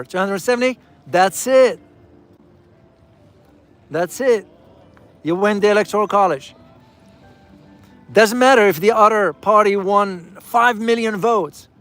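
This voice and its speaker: High and fairly bright, this man's voice carries casual travel commentary as he rides through a city. He speaks directly to viewers as "guys," repeating key phrases for emphasis.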